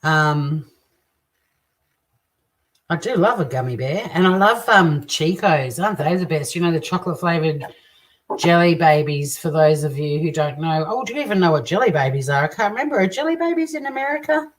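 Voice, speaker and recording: Aussie woman, low voice, chatty crude jokes while cooking on stream, mic a bit far off, dishes clinking. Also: lively intonation, normal speed. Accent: Australian. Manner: chatty, crude joking, reads out viewer comments. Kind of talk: casual live cooking chat. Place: home kitchen. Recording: distant mic with faint kitchen clatter. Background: clinking dishes and cutlery.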